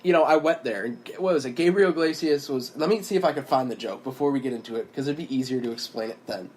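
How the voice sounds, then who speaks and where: Homem de voz média contando histórias. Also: male voice, medium pitch, fast talker, a little hiss or hum. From United States. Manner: rambling storyteller, animated when amused. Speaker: podcast co-host. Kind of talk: casual chat.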